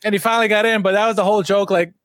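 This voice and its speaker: A man's voice: high voice, fairly even intonation, very fast, a bit bright, no echo, studio quality. A man co-hosting a casual podcast, reading out posts and laughing often. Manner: laughs often, reads out tweets. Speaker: podcast co-host. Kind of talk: casual chat.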